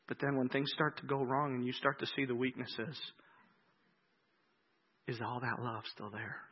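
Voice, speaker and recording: A man preaching a sermon as pastor, swinging between loud, emphatic acted-out quotes and slow, soft reflection. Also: medium pitch, fairly even intonation, slightly rough, highs cut off.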